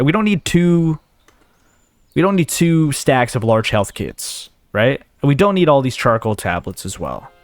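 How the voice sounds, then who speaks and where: A man's voice: mid-range voice, no echo. A man hosting a gaming video, rambling and thinking aloud as he sorts through his inventory, with a case of the hiccups. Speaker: gaming channel host. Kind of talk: casual let's play commentary.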